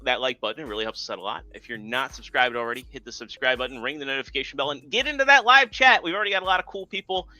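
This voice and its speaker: Bright-voiced man rambling on a live show. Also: medium pitch, no room sound. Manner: rambling, halting joke-telling with many fillers. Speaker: podcast co-host. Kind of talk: casual live-stream chat.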